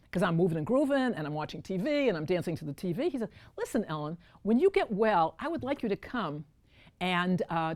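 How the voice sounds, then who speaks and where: A woman performing a one-woman storytelling show, talking straight to the audience and calling them folks. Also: medium pitch. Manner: animated, addresses audience as folks. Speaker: solo stage performer.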